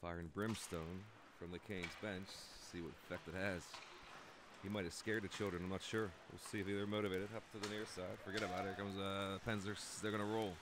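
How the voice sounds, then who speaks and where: Man, hockey play-by-play, low voice, jokey and excitable, noisy rink recording. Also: fairly quick. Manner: excitable, jokey, calls goals loudly. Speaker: play-by-play commentator. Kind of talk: amateur youth hockey commentary.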